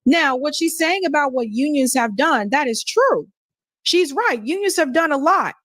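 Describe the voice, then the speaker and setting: Indignant high-voiced woman streamer. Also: animated, moderate pace, a bit bright, no echo, clean studio sound. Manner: indignant, rhetorical questions. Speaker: live stream host. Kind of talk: reacting to clips.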